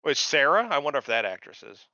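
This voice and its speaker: A man co-hosting a casual podcast, chatting about a TV episode in a profane, animated way with mocking asides. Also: a little high, quick pace, no echo. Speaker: podcast co-host. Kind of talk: casual chat reviewing a TV episode. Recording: dull lo-fi dry sound.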